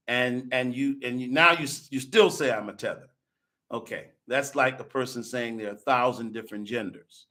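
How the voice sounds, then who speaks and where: A man's voice: mid-range voice, pushed and bright. A man hosting a podcast, lecturing and arguing in answer to viewer comments, with rhetorical questions, restarts and frequent "okay?". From United States. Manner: lecturing, rhetorical, repeats himself and says okay often. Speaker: podcast host.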